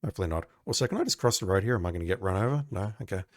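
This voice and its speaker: A man's voice: deep voice, expressive, racing, dry recording, clean studio sound. A man giving sarcastic, exasperated commentary while playing an old adventure game. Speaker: gamer playing a retro game. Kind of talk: let's play commentary.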